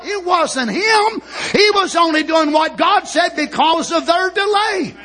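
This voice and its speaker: A man preaching a sermon with impassioned, shouted bursts and drawn-out phrases. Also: very high-pitched, lively intonation.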